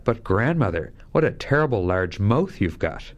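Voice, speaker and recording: A man's voice: fairly low pitch, sing-song, moderate pace, highs cut off. A man reading a fairy tale aloud, voicing an innocent, polite young girl who speaks earnestly and trustingly. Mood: wondering.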